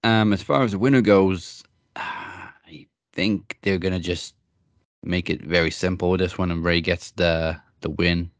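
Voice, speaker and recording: Low-voiced, laid-back man, dry sound. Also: fairly even intonation, measured pace, no room sound. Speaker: podcast co-host. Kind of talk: casual wrestling chat.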